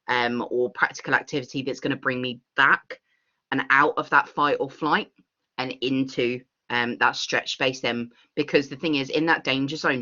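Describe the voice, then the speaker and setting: A bright-voiced woman answers questions in an online workshop, talking with eager, rambling enthusiasm. The video call audio sounds muffled and dull. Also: extremely low pitch. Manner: enthusiastic, rambling, laughs often. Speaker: workshop facilitator.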